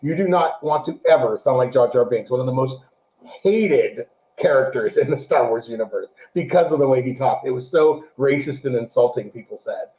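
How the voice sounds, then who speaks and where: A man co-hosting a casual show, chatting animatedly about a TV series and acting out quotes in a high, excited voice. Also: moderate pace, roomy sound, rough recording. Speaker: podcast co-host. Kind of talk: casual chat, show review.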